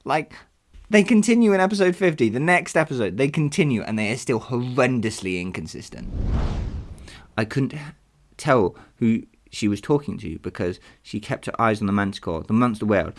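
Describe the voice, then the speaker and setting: A man hosting a podcast, talking casually about past episodes in an animated, self-deprecating way and laughing at himself. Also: mid-range voice, normal speed, a little hiss or hum. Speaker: podcast host. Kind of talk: casual retrospective chat.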